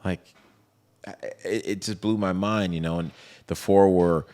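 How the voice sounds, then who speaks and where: A man's voice: sits low, normal speed. A man in a casual interview, telling his story animatedly and acting out what others said. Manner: animated, retells scenes with quoted voices. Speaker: interview guest.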